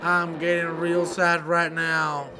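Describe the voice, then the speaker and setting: A high-pitched man calls a sim race in a slow, drawn-out voice, full of excited exclamations and open emotion. Car engines roar clearly under his voice the whole time. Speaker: race commentator. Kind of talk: sim racing commentary. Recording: noisy with engine sounds behind. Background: racing car engines.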